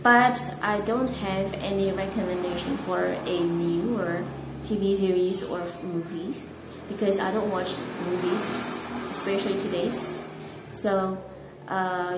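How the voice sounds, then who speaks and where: Slow, relaxed Indonesian woman teaching English. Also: lowish voice. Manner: relaxed and chatty, laughs at herself. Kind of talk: casual video lesson. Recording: echoey room with clear background noise.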